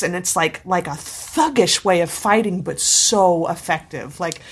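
Husky woman chatting with enthusiasm. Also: on the low side, expressive, unhurried, hardly any pauses. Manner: enthusiastic, laughs often, rambling. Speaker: podcast co-host. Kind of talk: casual chat.

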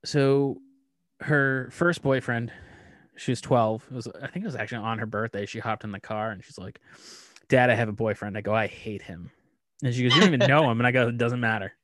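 A man casually telling deadpan stories about his daughter, acting out both sides of the dialogue. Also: medium pitch, fairly quick, no room sound, clean studio sound. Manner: deadpan storyteller who acts out dialogue. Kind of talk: casual chat.

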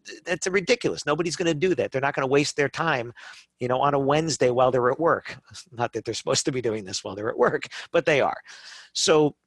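Animated middle-aged man telling sales stories. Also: medium pitch, fairly quick, no room sound. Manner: animated storytelling, acts out customers, frequent "right?" tags. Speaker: guest speaker on wedding business. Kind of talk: conversational podcast talk.

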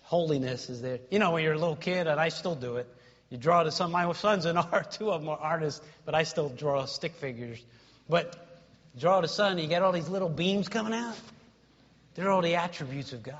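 A man preaching a sermon, swinging between loud shouts and quiet asides. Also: on the high side, a little fast. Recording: dull lo-fi sound in a reverberant hall.

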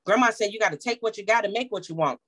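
A woman's voice: medium pitch, rapid-fire, husky. A woman in her thirties telling a personal family story, bringing the voices of her relatives to life. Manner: animated, acts out the voices of family members. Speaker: small business owner.

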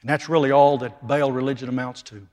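A man preaching a sermon, emphatic, dropping from loud declarations to hushed lines. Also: mid-range voice, fairly even intonation, quick pace. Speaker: pastor. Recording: long reverb of a large hall.

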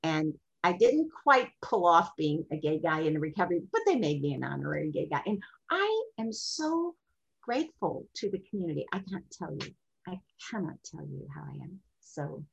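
Husky older woman telling lively stories. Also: moderate pace, dull audio. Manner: expressive, jumps into high voices when quoting. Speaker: sexologist and guest. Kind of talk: animated interview storytelling.

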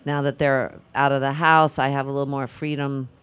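An older actress speaking casually on a film panel, musing and halting, with frequent restarts and fillers. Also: female voice, extremely low pitch, flat delivery, clear, resonant tone.

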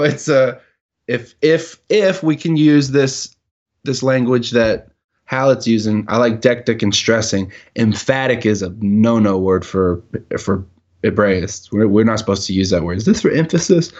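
A man's voice: medium pitch, normal speed, a little mellow, dull audio. Exacting man teaching Hebrew. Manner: questioning, exacting, jokey. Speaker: teacher leading a Hebrew reading session. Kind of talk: casual teaching dialogue.

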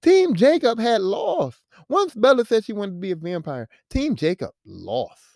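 A podcast host ranting about a movie in a casual, profane, animated way, full of rhetorical questions. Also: mid-range voice, measured pace, vocal fry, no room sound, studio quality.

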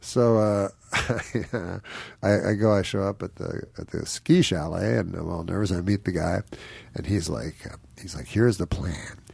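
Low gravelly guy w a husky voice, telling a meandering story, chuckles a lot, dry close sound. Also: unhurried, darkish tone, no room sound. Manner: meandering storyteller, chuckles often, mimics people in his stories. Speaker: guest comedian. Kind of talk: casual anecdote telling.

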